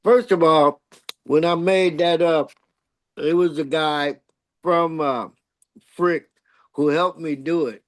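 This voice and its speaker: Slow-talking older man, dry sound. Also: a little high, fairly even intonation, dry recording. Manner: polite, jumps in with his own story. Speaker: panel guest, dance pioneer. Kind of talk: casual panel conversation.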